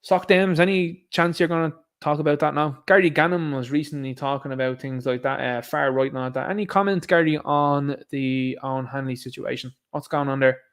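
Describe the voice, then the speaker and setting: A man's voice: fairly high pitch, fairly even intonation, a little fast, few pauses, smooth. A man with an Irish accent giving a casual monologue commentary, sarcastic and full of rhetorical questions. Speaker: online commentator.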